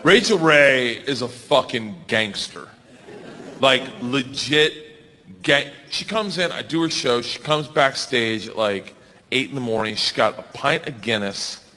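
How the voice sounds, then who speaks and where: A man in his forties doing a stand-up comedy set, loud and laughing as he shouts punchlines. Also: medium pitch, expressive, unhurried. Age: 40s. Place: comedy stage before audience. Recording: live club with crowd noise.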